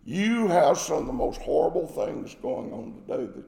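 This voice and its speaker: A man's voice: a little high, lively intonation, normal speed, vocal fry, dark tone. A man preaching a sermon, emphatic and repeating his phrases for stress. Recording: echoey hall with long reverb.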